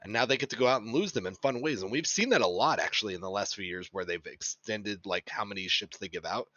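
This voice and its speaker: A man's voice: on the low side, lively intonation, fast, sharp tone, no room sound. A man on a discussion panel, arguing his point in a blunt, insistent way. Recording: dry, dull lo-fi mic.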